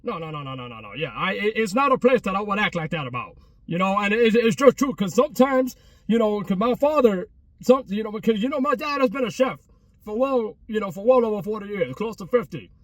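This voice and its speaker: A man's voice: sits high, lively intonation, brisk, no room sound, recorded from a distance. A man, vlogging outdoors at a closed restaurant in a rambling, slang-heavy way with many restarts. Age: 30s. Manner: repetitive, full of restarts and street slang. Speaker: travel vlogger. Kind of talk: rambling casual chat.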